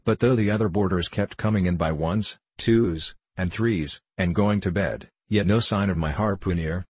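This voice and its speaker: Deep husky male audiobook narrator. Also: moderate pace, a little mellow, no echo. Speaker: audiobook reader. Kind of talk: scripted narration.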